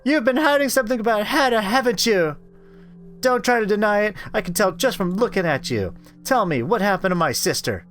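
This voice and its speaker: Male streamer voicing a guilty young woman friend, higher voice, pleading, faint game music. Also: animated, fairly quick, a bit bright. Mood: defensive. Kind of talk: reading a visual novel aloud.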